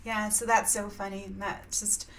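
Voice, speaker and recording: In a laid-back vlog, a woman muses on spiritual matters, wandering from thought to thought with frequent laughs and plenty of filler "yeahs." Her medium-pitched voice is level, unhurried and fairly bright, over a little hiss or hum.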